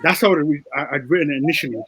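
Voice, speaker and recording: A film director in a casual interview, speaking in a husky, slightly raspy voice. He is a man telling behind-the-scenes stories in a relaxed, candid way, pitched a little high. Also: very fast, low-quality recording.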